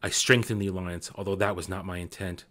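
A man reading aloud as a remorseful ghost of a father, speaking softly and mellowly in a deeper voice than his own. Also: flat delivery, a little fast. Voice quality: soft-spoken, hushed.

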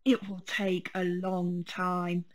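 A woman voicing a calm, patient mother bear in a storybook. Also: lowish voice, slow.

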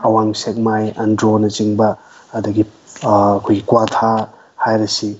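A man's voice: lowish voice, monotone, very fast, muffled recording. A young man with a Manipuri accent teaching a live online English lesson, explaining at length with frequent restarts. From Manipur, India.

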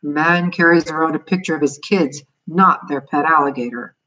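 A woman voicing a proud, stern father who grumbles at his family in a storybook reading, with a husky voice. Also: sits low, normal speed, sharp tone, distant mic, rough recording. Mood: grumbling.

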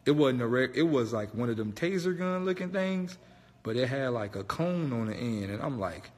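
A man casually telling a story, animated, slangy and profane. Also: medium pitch, normal speed, big-room sound, slight background noise. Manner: animated, profane, slangy, keeps saying "bro".

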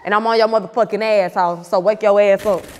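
A woman's voice: mid-range voice, fairly even intonation, brisk, in a large hall, slight background noise. A woman answering interview questions in a casual, blunt and profane way, playful in tone. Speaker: interview guest.

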